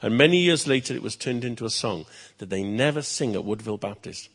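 A male pastor telling a story to children in church, lively, with chatty asides. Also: medium pitch, fast talker, creaky, husky.

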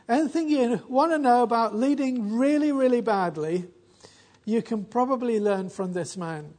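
A man's voice: very high-pitched, a little mellow. A man giving a conversational Bible history talk, wry and dry-humored, often restarting his sentences. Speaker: Bible teacher.

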